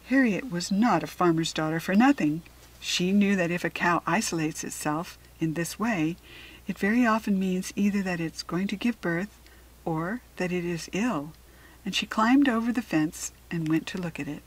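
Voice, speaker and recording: A woman narrating a storybook aloud in a gentle, measured read-aloud manner. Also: on the low side, breathy edge, poor audio. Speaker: storybook reader.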